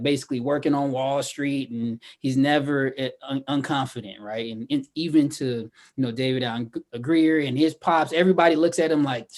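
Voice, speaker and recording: A man co-hosting a podcast, chatting casually about a movie and acting out its lines in an animated way. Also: medium pitch. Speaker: podcast co-host.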